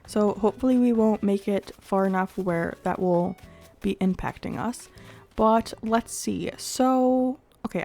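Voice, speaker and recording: A woman's voice: medium pitch, dark tone. A young adult woman hosting a gaming channel, chatty and upbeat, thinking aloud while she builds, with a congested voice from a cold. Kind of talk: casual gameplay commentary.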